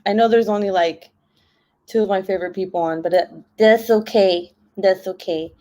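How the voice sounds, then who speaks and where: A woman's voice: mid-range voice, fairly even intonation, moderate pace, warm tone. Giggly chatty woman livestreaming. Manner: giggly, chatty, laughs often. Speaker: craft livestream host. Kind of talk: casual livestream chat.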